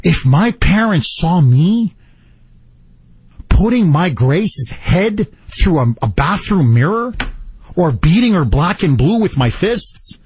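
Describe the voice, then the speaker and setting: A male radio talk show host telling a story in animated fashion and taking calls on a studio mic. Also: on the high side, breathy edge, no echo. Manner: animated storytelling, acts out quotes. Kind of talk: talk radio monologue and call-in.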